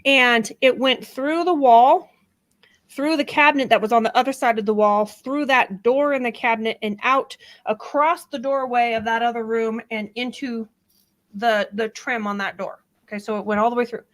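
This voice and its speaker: A middle-aged woman giving casual true-crime commentary, animated and sarcastic, acting out what others said. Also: a little high, normal speed, poor audio. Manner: animated, sarcastic, acts out quotes.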